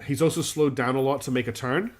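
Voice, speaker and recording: A man's voice: medium pitch, fast talker. A man streaming a strategy game, chatting and thinking aloud in a casual, self-deprecating way. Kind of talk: live game commentary.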